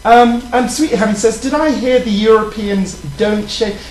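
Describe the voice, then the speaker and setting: A woman's voice: on the high side, darkish tone, echoey room, a little hiss or hum, natural voice, poor audio. A woman voicing a prim, proper European lady with a put-on British accent, genteel and easily offended. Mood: coy. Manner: genteel and overly polite, drawn-out exclamations. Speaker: co-host. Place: hotel studio.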